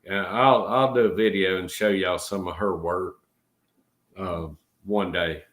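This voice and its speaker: Low-voiced folksy Georgia man. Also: fairly even intonation, unhurried, a bit bright. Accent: Southern US, Georgia. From Georgia, USA. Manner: folksy, rambling, says y'all. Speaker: channel host. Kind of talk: casual livestream chat.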